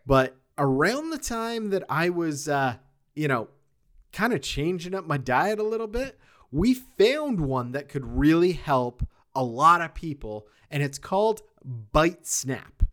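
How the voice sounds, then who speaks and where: A man co-hosting a podcast in casual chat, animated and quick to laugh. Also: fairly high pitch. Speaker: podcast co-host.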